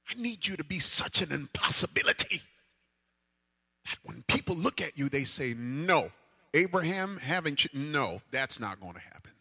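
A man's voice: on the high side, pushed and bright, husky. A man preaching a sermon as pastor, emphatic, with repeated phrases and rhetorical questions.

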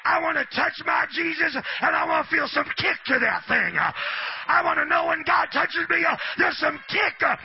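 A man preaching a sermon in rhythmic shouted phrases with an "uh" between them, out of breath. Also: extremely high pitch, lively intonation, moderate pace, vocal fry. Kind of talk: shouted sermon, then calm humorous preaching. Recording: dull lo-fi sermon recording.

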